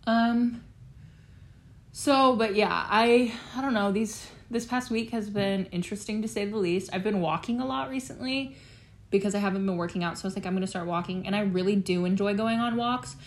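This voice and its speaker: A teenage girl talks on her own casual chat show. She rambles from one thing to the next with plenty of fillers and swears freely. Her voice sits in an ordinary middle pitch for a woman. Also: normal speed. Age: teens. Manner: chatty, swears often, lots of fillers. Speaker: podcast host.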